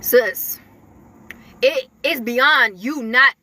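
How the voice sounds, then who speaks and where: A woman's voice: high voice, drawn-out words, sharp tone. A woman giving casual spiritual messages in a chatty way, full of fillers, often laughing. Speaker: spiritual messenger.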